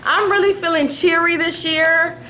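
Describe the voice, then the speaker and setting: A woman's voice: extremely high pitch, fairly even intonation, moderate pace, bright, forceful tone, a little hiss or hum, rough recording. A young woman vlogging at home, chatting upbeat to the camera about her plans. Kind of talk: casual chat to camera. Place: at home, indoors. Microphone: handheld camera.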